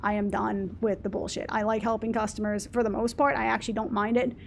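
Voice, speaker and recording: A woman ranting in casual chat over gameplay, exasperated, quick to swear and act out customers. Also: medium pitch, flat delivery, creaky, slight background noise. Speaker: let's play host.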